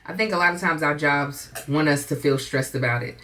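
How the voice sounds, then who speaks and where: A young woman hosting a podcast, talking in an earnest, reassuring way in quick bursts. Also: low-pitched, sharp tone. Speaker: podcast host. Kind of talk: casual chat.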